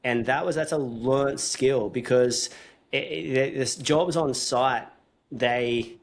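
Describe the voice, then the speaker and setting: A man's voice: mid-range voice, slow. Rambling male podcast host. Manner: rambling, restarts sentences, thinks aloud. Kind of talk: casual podcast chat.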